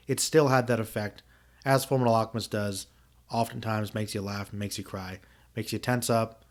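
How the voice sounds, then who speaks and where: A man in his thirties hosting a podcast, giving a casual, reflective spoken review with many fillers and restarts. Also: mid-range voice. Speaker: podcast host.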